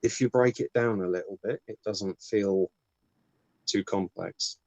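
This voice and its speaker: A man hosting an online call, talking in a relaxed, thoughtful way with some hesitation. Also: lowish voice, measured pace, no room sound, dull audio. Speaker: host of a modular synth stream. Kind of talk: casual technical chat.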